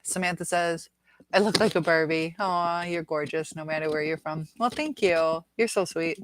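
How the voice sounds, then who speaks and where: A woman's voice: lowish voice, moderate pace, background noise. A middle-aged woman hosting a casual live chat, reading viewers' comments aloud and musing on them with frequent laughs. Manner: chatty, laughs often, muses aloud.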